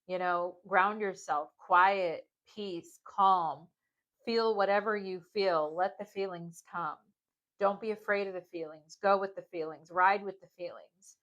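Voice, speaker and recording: A woman's voice: mid-range voice, measured pace, fairly bright tone, lo-fi sound. Woman rambling through a tarot reading. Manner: rambling, filler-heavy, keeps asking "okay?". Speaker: tarot reader. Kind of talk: casual pick-a-card tarot reading.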